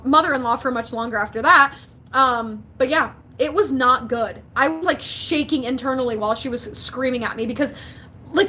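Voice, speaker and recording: Bright, high-voiced chatty young woman. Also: a little hiss or hum. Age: young adult. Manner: chatty, animated, lots of fillers and quoted dialogue. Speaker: YouTuber answering live chat. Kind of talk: casual livestream chat.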